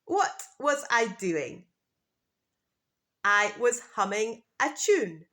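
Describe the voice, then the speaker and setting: A woman teaching pronunciation, repeating each word slowly and clearly to contrast two versions. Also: fairly high pitch, big pitch swings, sharp tone. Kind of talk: slow, deliberate scripted teaching.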